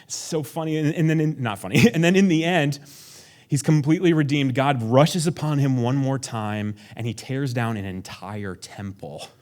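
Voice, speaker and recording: A man's voice: medium pitch, normal speed, darkish tone. A male pastor preaching a conversational sermon, acting out prayers in a raised voice and dropping to a near whisper for emphasis.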